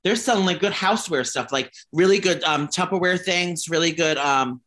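A gay man co-hosting a casual gossip chat, swearing freely and telling animated stories full of fillers. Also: on the high side, normal speed. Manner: profane, animated storytelling with lots of fillers. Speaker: podcast co-host.

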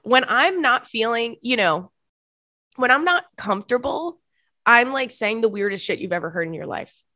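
A young woman hosting a podcast in casual chat, animated and prone to high, squealing laughter, recorded close on a microphone. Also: normal speed, dry recording. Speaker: podcast host.

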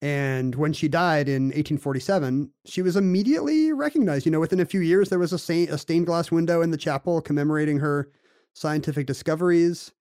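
A man's voice: fairly high pitch, a little fast, a little mellow, clean tone, no room sound, studio quality. A man co-hosting a podcast, explaining at length in casual chat, with frequent fillers and restarts. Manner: rambling, explains at length with many "you know" fillers and restarts.

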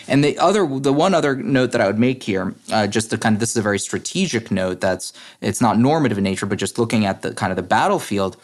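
A man speaking as an interview guest, earnest and explanatory, with frequent fillers and restarts. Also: mid-range voice. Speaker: guest, head of a democracy nonprofit. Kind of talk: interview conversation.

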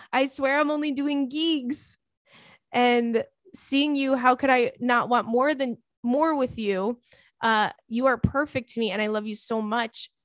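A woman doing a smooth-talking French guy. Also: high-pitched, takes it slowly, no room sound, studio quality, pitched above the performer's own voice. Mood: pleading. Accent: put-on French accent. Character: smooth-talking French male musician, charming liar.

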